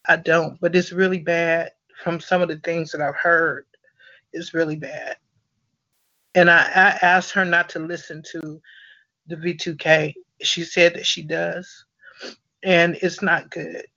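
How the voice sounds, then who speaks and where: Earnest halting man, bright tense voice. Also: on the high side, level tone, gravelly, no echo, highs cut off. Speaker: host of a support conference call. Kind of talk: conference call sharing.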